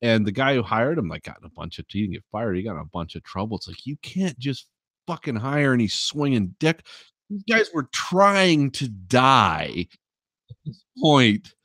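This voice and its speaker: A man's voice: medium pitch, big pitch swings, moderate pace, a bit bright, no room sound, clean studio sound. A man hosting a podcast, telling a story in casual, swearing chat and laughing often. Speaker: podcast host.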